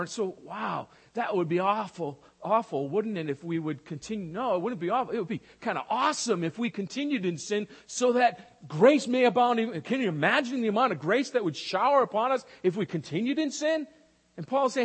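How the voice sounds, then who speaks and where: High-voiced preacher in a reverberant hall. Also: male voice, lively intonation, normal speed, husky. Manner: opens in prayer, then teaches expressively with rhetorical questions. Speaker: pastor. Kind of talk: sermon.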